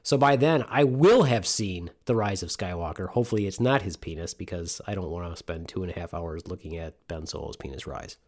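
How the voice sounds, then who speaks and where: A man's voice: low-pitched, fairly quick, few pauses. A middle-aged man from Michigan hosting a casual podcast, rambling and joking with plenty of swearing. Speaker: podcast host. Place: home studio.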